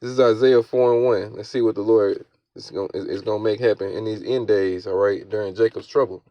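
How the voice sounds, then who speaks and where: A man giving casual, slang-heavy scripture commentary, often tagging his lines with "all right?" and reading verses aloud slowly. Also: on the low side, steady tone. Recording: dull, lo-fi, dry sound.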